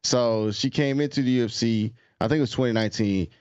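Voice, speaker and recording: A man's voice: medium pitch, a little fast, a little mellow, clear, resonant tone, no room sound, lo-fi sound. A man co-hosting a podcast in casual sports chat, laid-back and slangy, often restarting his sentences. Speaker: podcast co-host.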